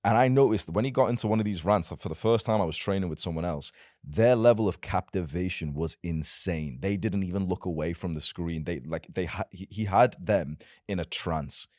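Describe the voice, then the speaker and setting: A man's voice: sits low, a little fast, a little mellow, dry recording, clean studio sound. A young man in casual podcast conversation, talking as a self-improvement creator in a blunt, emphatic and provocative way.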